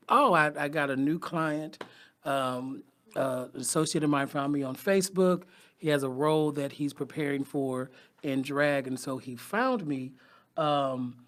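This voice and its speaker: A young man co-hosting a comedy podcast, telling stories in a lively way and laughing often. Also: medium pitch. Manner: animated storyteller, laughs often. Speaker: podcast co-host. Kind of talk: casual comedic chat.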